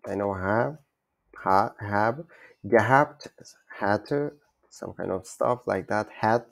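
Slow, gravelly man teaching German. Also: lowish voice. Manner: halting, repeats words, self-correcting. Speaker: language learner teaching German basics. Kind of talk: informal self-taught lesson.

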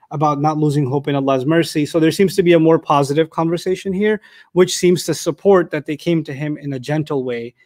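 High-voiced guy teaching quran commentary, animated, acts out the characters. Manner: animated, acts out quoted speakers with rising pitch; recites Arabic verses before translating. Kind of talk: explaining scripture to an audience.

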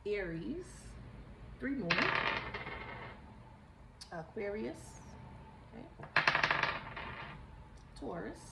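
A woman's voice: mid-range voice, big pitch swings, very slow, creaky, pauses often, far from the mic. A woman giving a casual tarot reading, with a frank, emphatic, preachy way of talking and the odd swear word. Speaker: tarot reader. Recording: echoey room, voice off-mic, faint hiss.

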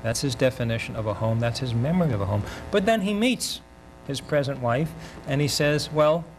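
Older man, university lecturer, mid-pitched voice, deliberate and thoughtful, with a faint hum in the background. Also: lively intonation, poor audio. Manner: measured, reflective, pausing mid-thought. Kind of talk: academic lecture.

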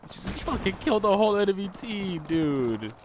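Profane young gamer ranting over gunfire. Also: male voice, high-pitched, normal speed. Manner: rambling, swearing, trash-talking, excitable. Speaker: gamer streaming commentary. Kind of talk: profane live gameplay commentary. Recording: noisy gameplay audio with gunfire. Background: game gunfire and clicks.

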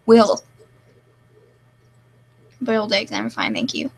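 Deadpan young woman with a gravelly voice. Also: medium pitch, slow pace, poor audio. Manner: deadpan, self-mocking, fake crying. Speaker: live streamer. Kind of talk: casual live-stream chat reading comments.

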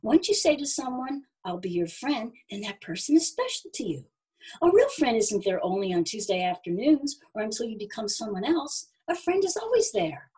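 Lady playing a gentle mom-to-be, soft and soothing, breathy, higher pitch. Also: sing-song, moderate pace, heavily acted, poor audio. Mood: tender. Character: gentle young expectant mother, calm and wise.

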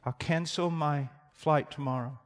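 A man preaching a sermon, telling a story quietly and then rising to loud, fervent shouts. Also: fairly high pitch, fairly even intonation, a little slow. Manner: storytelling, swings from hushed to shouting. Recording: reverberant hall.

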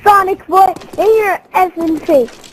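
High-voiced woman trash-talking over gameplay. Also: measured pace, slight background noise. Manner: loud trash-talking, taunting. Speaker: gamer. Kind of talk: live gameplay chat.

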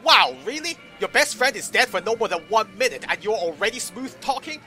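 A man with a high, bright voice riffs through gameplay in a sarcastic, foul-mouthed way, his pitch jumping all over as he reacts. Soft game music sits behind him. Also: expressive, brisk. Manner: sarcastic, profane, exasperated. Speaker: commentator voicing the player character. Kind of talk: comedic gameplay commentary.

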